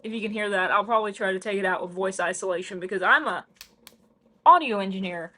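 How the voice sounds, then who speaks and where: A woman's voice: mid-range voice, fast, pushed and bright. Young woman, Tennessee Southern accent, casual rambling home vlogger, self-deprecating. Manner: chatty, self-mocking, rambling asides. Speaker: book vlogger. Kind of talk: casual vlog chat. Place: home kitchen.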